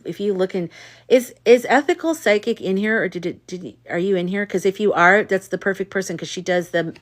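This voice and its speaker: Candid woman chatting on a livestream. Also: lowish voice. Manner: candid storyteller who reads chat comments aloud; outspoken and exasperated in anecdotes. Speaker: livestream host. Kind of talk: casual live chat with viewers.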